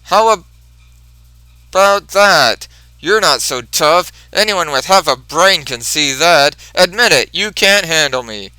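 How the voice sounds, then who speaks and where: A man voicing an irritable, brutish supervillain in a rhino costume, complaining loudly. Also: on the high side, big pitch swings, unhurried, clean tone, no echo, exaggerated voice, low-quality recording. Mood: angry yelling. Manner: loud, whiny complaining.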